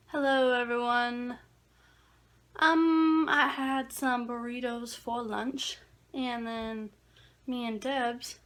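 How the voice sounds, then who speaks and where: Young woman, casual vlogger, bright-ish higher voice, chatty storyteller. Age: young adult. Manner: chatty, storytelling, laughs easily. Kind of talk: casual vlog chat.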